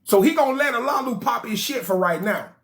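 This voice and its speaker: A man's voice: extremely high pitch, lively intonation, brisk, a bit bright. A man retelling and reading an ancient text to a study group in a joking way, full of slang.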